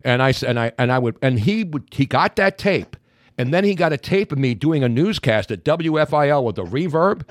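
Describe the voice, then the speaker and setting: An older man from Philadelphia hosting a sports radio show, joking and bantering quickly with his guest. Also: mid-range voice, expressive, no echo, studio quality. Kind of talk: casual radio talk.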